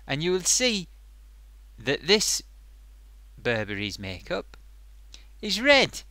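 A man voicing an excitable male sock puppet who hosts a comic makeup review, gushing and bumbling. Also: on the high side, slow pace, no echo, full character voice. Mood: excited. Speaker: host.

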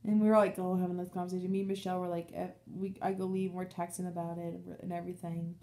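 A young woman chats casually on her book vlog in a soft, mellow voice. She rambles and restarts her sentences, hopping from story to story and slipping into quick impressions of her friends and family as she goes. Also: lowish voice. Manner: rambling, animated storytelling with acted-out quotes. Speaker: book vlogger. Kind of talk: casual chat.

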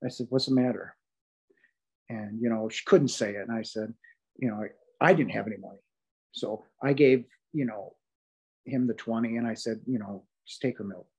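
A man's voice: mid-range voice, moderate pace, creaky, long pauses, a little mellow, slightly rough, poor audio. A man sharing his near-death experience as a podcast guest, speaking with heartfelt emphasis and many fillers and restarts. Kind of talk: earnest testimony in a podcast interview.

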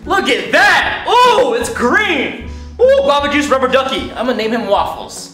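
An excited man hosting an unboxing vlog from his bathtub, shouting and giggling a lot. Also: extremely high pitch, a little slow. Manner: hyper, shouty, giggly, lots of slang. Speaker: vlogger host. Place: in a bathtub at home. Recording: echoey bathroom with background music.

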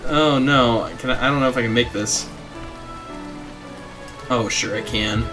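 A man's voice: medium pitch, unhurried, sharp tone. A young man playing a video game and chatting casually, reading game text aloud and laughing at his own antics. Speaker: gaming streamer. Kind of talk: casual let's play commentary. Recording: faint game music behind.

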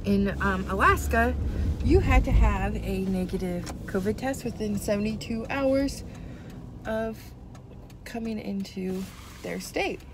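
A woman's voice: mid-range voice, unhurried. A woman travel vlogger chatting casually in a rambling, venting way, with a stuffy, runny nose. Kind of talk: casual vlog chat. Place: in a car by a busy road. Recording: steady traffic noise.

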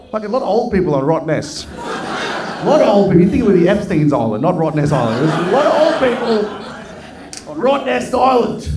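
A man doing a stand-up comedy set, brash and profane, teasing the crowd and breaking into shouts. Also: high voice. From Melbourne, Australia. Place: comedy club stage.

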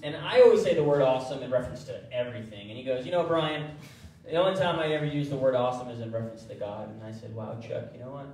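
A man preaching a sermon as pastor, animated, acting out the voices he quotes. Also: medium pitch, fast talker, slight background noise. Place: church sanctuary. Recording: echoey church hall from far off.

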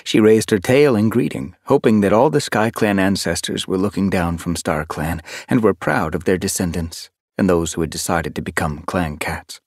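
Expressive male narrator for a fantasy audiobook, low voice, dry studio sound. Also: moderate pace, few pauses, no room sound. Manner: expressive, shifting voices for characters. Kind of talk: scripted narration.

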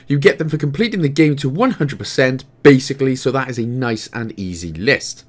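A man's voice: mid-range voice, expressive, a little fast. A Welsh man hosting a game walkthrough, chatting casually with jokey asides while explaining the controls. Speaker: gaming guide host.

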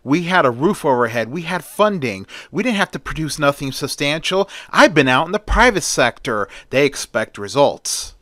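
A man's voice: fairly high pitch, sing-song, normal speed, few pauses, pushed and bright, dry recording. A man as an eager, fretful scientist. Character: eager, worried male scientist.

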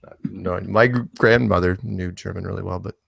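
Gravelly man chatting casually. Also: sits low, steady tone, brisk. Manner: rambling, searching on screen while talking. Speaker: co-host. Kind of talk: casual live-stream chat.

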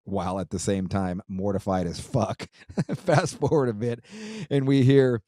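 A man's voice: on the low side, fairly even intonation, a little slow, dark tone. A man hosting his podcast, chatting casually and reading a listener's letter, loose and profane, laughing easily with frequent restarts. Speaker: podcast host.

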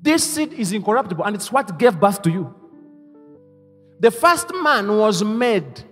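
High-voiced, animated male pastor preaching. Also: a little slow, soft background music. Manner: call-and-response preaching, leading the congregation to repeat lines; swings between hushed asides and loud exclamations. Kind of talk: sermon. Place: church hall. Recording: reverberant church hall.

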